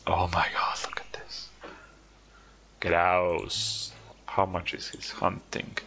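A man's voice: low voice, monotone, takes it slowly, bright, forceful tone, whispered. A man casually commentating his own gameplay, coaxing and teasing the characters on screen. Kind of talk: casual let's-play commentary. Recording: game music behind the voice. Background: game music.

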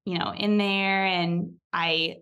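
A woman's voice: lowish voice, fairly even intonation, slow pace, fairly bright tone, smooth, dull audio. A young woman telling a personal story in a casual, chatty way, full of "like" and acted-out quotes. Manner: chatty, fills talk with "like", acts out quoted voices. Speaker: podcast guest.

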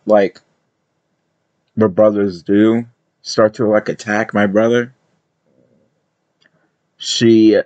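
A man's voice: fairly low pitch, dry recording, highs cut off. A man giving casual reaction commentary, rambling and hesitant with many fillers. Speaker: video reactor.

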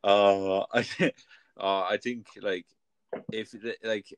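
A man's voice: fairly low pitch, flat delivery, slow pace, clear, resonant tone, no echo, muffled recording. A young man hosting a podcast, chatting casually and laughing often as he tells funny anecdotes. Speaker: podcast host. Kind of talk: casual chat.

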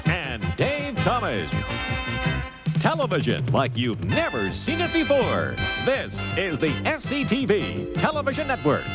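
A man's voice: sits high, huge pitch swings, a little slow, over loud music. A man announcing a comedy show in a punchy, theatrical voice-over.

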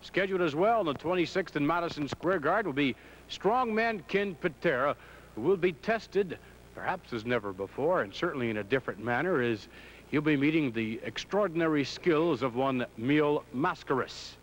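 A man, a wrestling announcer and interviewer, reading out matches in a measured, formal broadcaster delivery. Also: a little high, lively intonation, slight background noise, poor audio.

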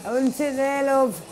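A young woman swearing and laughing through excitable live commentary on her own game. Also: high voice. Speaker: gaming streamer.

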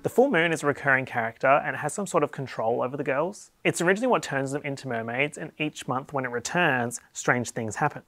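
A man's voice: mid-range voice, fast, hardly any pauses, a bit bright, no room sound, soft background music. An Australian man hosting a comedic explainer video, talking in a playful, wry and sarcastic way. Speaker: YouTube host.

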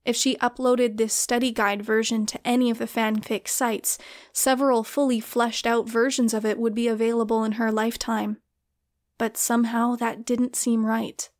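A woman's voice: on the high side, little pitch movement, normal speed, darkish tone. Woman narrating a short story. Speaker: audiobook narrator.

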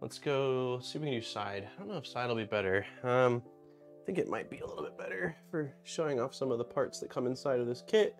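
A man hosting a casual live-stream unboxing, thinking aloud and greeting viewers in chat. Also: fairly high pitch. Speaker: streamer host.

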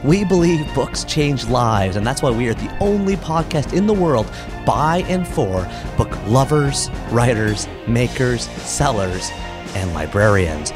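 Animated man telling a podcast story. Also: medium pitch, unhurried, over music. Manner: animated, chatty storyteller who acts out quotes. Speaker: podcast host.

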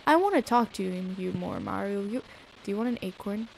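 A woman's voice: mid-range voice, lively intonation, brisk, vocal fry, background noise. A woman streaming a video game, chatting casually and giggling as she reacts aloud to what happens on screen.

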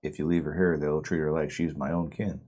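A man's voice: very deep voice, level tone, brisk, a little mellow. A man voicing a wary, blunt country swamp-dweller who talks with a rustic drawl and country words. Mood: stern, folksy.

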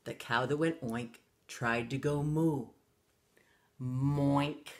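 A woman reading a picture book aloud to children, animated and stopping to ask her young listeners questions. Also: rumbling low, a little slow. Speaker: children's story reader.

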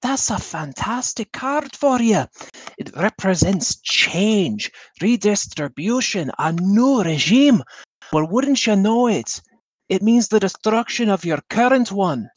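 A man's voice: high-pitched, sing-song, slow pace, no echo, voice pushed up, exaggerated voice. A man voicing a grandiose traveling fortune teller during a tabletop game, with showy salesman patter, recorded dry and close. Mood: theatrical. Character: smooth theatrical male traveling fortune teller. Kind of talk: tabletop game role-play.

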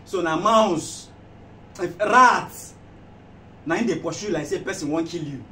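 A man's voice: high voice, unhurried. A man with a Nigerian accent playing a friend who gives advice and keeps repeating himself. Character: patient friend giving advice. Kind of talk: comedy skit acting. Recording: echoey room, far-off mic, loud background noise.

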